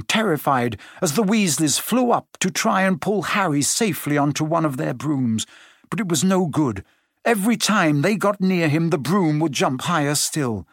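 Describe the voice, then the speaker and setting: A man narrating a story aloud, expressive and changing his pace as he reads. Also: a little high, no room sound, clean studio sound. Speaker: audiobook narrator. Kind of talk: scripted narration.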